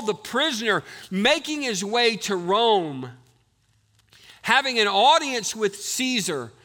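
Bright, high-pitched preaching man. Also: long reverb tail. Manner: emphatic preaching, calls on the church to answer. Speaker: pastor. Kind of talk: sermon.

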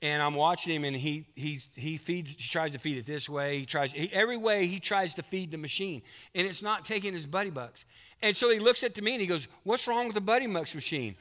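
Folksy pastor, fairly high voice, preaching in a big echoing sanctuary. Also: male voice, fairly quick, sharp tone. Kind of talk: sermon. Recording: long hall reverb.

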